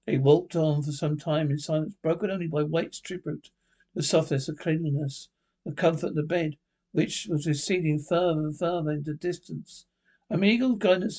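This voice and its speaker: A man's voice: on the high side, mellow. Man reading a ghost story aloud. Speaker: narrator.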